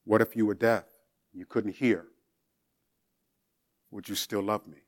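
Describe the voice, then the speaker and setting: A man voicing the Lord as a gentle male deity who asks patient, searching questions. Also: fairly low pitch, steady tone, measured pace. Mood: questioning.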